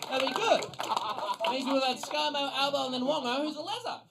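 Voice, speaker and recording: A young Australian man doing stand-up, sarcastic and swearing, swinging from loud rants to low asides. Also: brisk. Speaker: stand-up comedian. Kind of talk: stand-up comedy. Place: comedy venue with audience laughter. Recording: live stage recording with audience noise.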